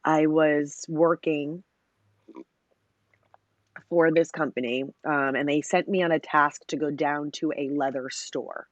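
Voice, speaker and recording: A woman's voice: low voice, fairly even intonation, takes it slowly, no room sound. A woman in her thirties, a company founder, tells her story in a casual interview. She is long-winded, scatters "you know" and "like" through her talk, and acts out the lines she quotes. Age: 30s.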